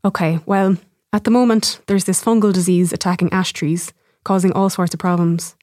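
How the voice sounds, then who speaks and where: A woman's voice: lowish voice, fairly even intonation, normal speed, a little mellow, no room sound, clean studio sound, close to an everyday voice. A woman voicing an awkward, hesitant young man who works as a tree surgeon in a short story. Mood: plain.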